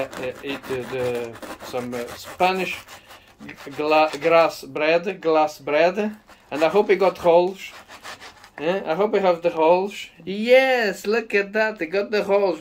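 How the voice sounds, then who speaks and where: A man's voice: fairly high pitch, a bit bright, slight background noise. A man hosting a casual home cooking video, talking enthusiastically and often adding a questioning "eh?". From Madeira, Portugal. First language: Portuguese. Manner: enthusiastic, repeats tag question "eh?".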